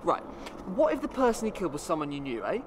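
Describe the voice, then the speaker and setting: Brief: a man as a playful, needling mate, high and animated, outdoors with street noise. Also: fast talker.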